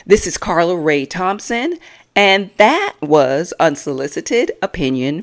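A woman with a low voice gives a solo reality TV review. She swings her pitch widely as she delivers blunt, sassy put-downs. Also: big pitch swings, unhurried. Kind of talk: opinionated solo commentary.

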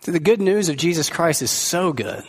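A man's voice: on the high side, animated, moderate pace, slightly rough. Earnest preacher man in an echoey hall. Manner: conversational and earnest, asks the listeners direct questions. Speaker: pastor. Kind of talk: sermon.

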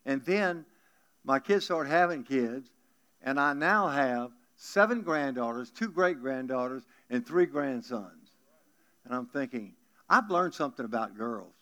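A man's voice: medium pitch, unhurried, fairly bright tone, clear, resonant tone. A man in his seventies with a South Louisiana accent, preaching in a folksy, joking way to a congregation. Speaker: guest pastor. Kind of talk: folksy storytelling sermon.

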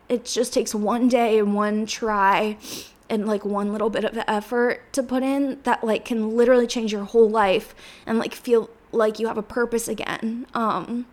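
Speaking at normal speed with a slightly high voice and fairly even intonation, a twenty-something woman delivers a solo monologue on the podcast she hosts. She rambles earnestly, says "like" and "literally" a lot, and sounds emotional, almost crying.

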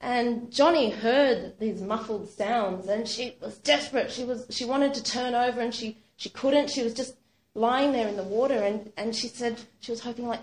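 A woman retelling a true story aloud, animated and casual, with lots of "sort of" and "like". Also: fairly high pitch, moderate pace. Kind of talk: spoken storytelling. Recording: roomy echo.

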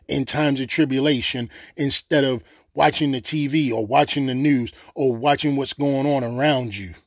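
A man's voice: fairly high pitch, no echo, clean studio sound. A man preaching an unscripted sermon, earnest and emotional, repeating phrases for emphasis.

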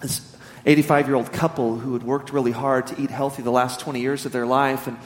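A man preaching a sermon, telling stories in an animated, humorous way. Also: medium pitch, brisk. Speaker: pastor. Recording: echoey hall reverb.

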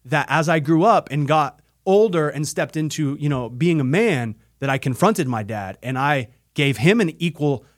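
A man's voice: on the high side, expressive, normal speed, few pauses. A man hosting a podcast, telling a personal story in an earnest, emphatic motivational style and repeating phrases for effect. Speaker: podcast host.

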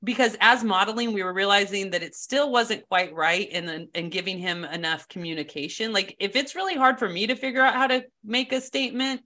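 Chatty, bright-voiced woman laughing often. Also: medium pitch, fairly quick, hardly any pauses. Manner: candid, laughs often, quotes people in a shifted voice. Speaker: podcast co-host. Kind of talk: casual chat.

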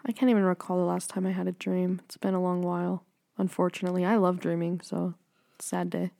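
A woman co-hosting a podcast in casual chat, relaxed and chiming in with short reactions. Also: on the low side, quick pace, gravelly, no echo. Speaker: podcast co-host.

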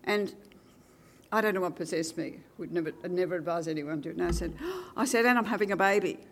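An older woman with an Australian accent, a retired teacher, recounting her career with lively acted-out dialogue and wry asides. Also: lowish voice, fast. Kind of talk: oral history reminiscence.

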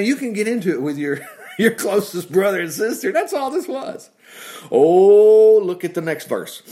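A man teaching from the Bible in a conversational preaching style, breaking off for asides and exclamations and chuckling as he explains. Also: sits high. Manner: animated, with frequent asides and exclamations.

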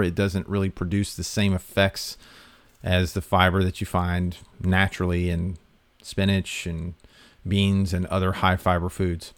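A man hosting a talk, giving health advice in a relaxed, conversational way with fillers and restarts. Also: low voice, dry recording. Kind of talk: casual explanatory talk.

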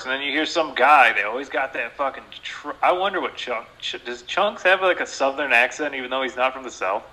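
Bright-voiced swearing podcast host. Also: male voice, medium pitch, brisk, few pauses, rough recording. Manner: swears a lot, laughs often, animated storytelling. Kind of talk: casual chat.

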